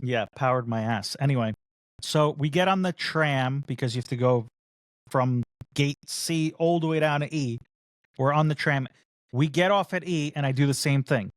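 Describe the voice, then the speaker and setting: A man in casual podcast chat, spinning a long anecdote and acting out each person he meets along the way. His voice sits at an ordinary middle pitch and is recorded dry, with almost no room sound. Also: moderate pace, no echo. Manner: animated storyteller who acts out the other people in his story. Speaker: podcast co-host.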